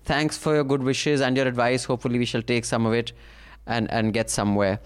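A man's voice: mid-range voice, level tone, a little fast, clear, resonant tone. A man hosting a casual panel chat, reading listener mail and teasing his co-hosts. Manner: jokey, teasing, puts on voices for laughs.

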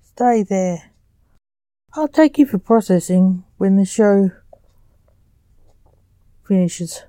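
A woman's voice: mid-range voice, expressive, slow pace, pauses often, mellow, no echo. A woman reading as a curt, snappish male sorcerer. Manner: snappish, grumbling. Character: curt bureaucratic male sorcerer stage magician.

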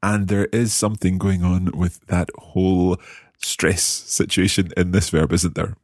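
Man, patient lesson host, very low husky voice, dry close sound. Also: flat delivery, no echo. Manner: patient, encouraging, slow careful pronunciation. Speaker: language teacher and podcast host. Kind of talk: guiding a language lesson.

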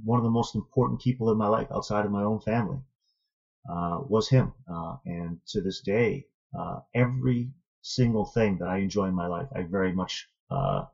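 A man with a low, gravelly, husky voice tells a personal story as a guest in an earnest, reflective way. The audio is dull and lo-fi. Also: expressive, darkish tone. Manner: earnest, thoughtful, measured. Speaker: interview guest, martial arts student.

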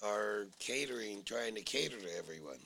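A man's voice: on the low side, lively intonation, moderate pace, vocal fry, sharp tone. A middle-aged man, a store owner and guest, chatting casually with wry, dry humor. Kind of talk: casual chat.

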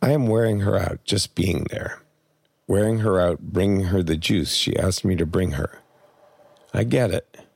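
A man reading a personal memoir aloud in plain, measured first-person storytelling. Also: sits low, gravelly, darkish tone, husky, dry recording. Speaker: memoir narrator.

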